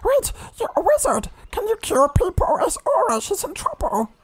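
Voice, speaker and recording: A man voicing a panicky, excitable male gnome in a tabletop game, squeaky and frantic. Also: moderate pace, heavily acted. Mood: pleading.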